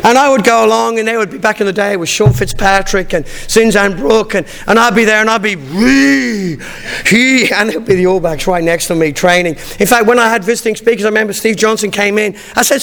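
A middle-aged man preaching a sermon, telling personal stories in an animated way with frequent restarts. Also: sits high, fast talker, creaky. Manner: animated storytelling, frequent restarts, acts out dialogue. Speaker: pastor.

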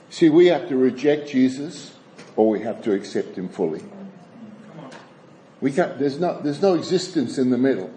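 A man preaching a sermon and reading scripture aloud, with frequent halting restarts and wry, chuckling asides. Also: mid-range voice, sing-song, mellow, slight background noise, rough recording.

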